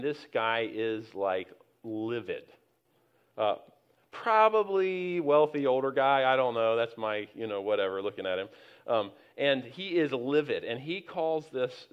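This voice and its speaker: A middle-aged man preaching a sermon as the pastor, telling stories in a conversational way that builds to emphatic points. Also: medium pitch. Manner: conversational, anecdotal preaching with many restarts and rising emphasis. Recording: slightly dull, lo-fi sound.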